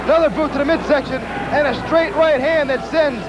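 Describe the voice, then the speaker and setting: Male wrestling play-by-play caller, very high voice, brisk and excited. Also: lo-fi sound, a crowd in the background, noisy background. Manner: brisk, excited calling of moves. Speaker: wrestling commentator. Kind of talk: play-by-play commentary.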